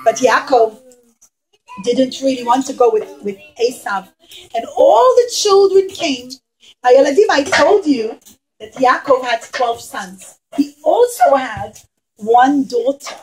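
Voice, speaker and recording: High-voiced woman doing a kids puppet show, lively, talks to the kids. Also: unhurried, poor audio. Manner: animated, addresses the children. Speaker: children's storyteller. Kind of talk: puppet show storytelling for children.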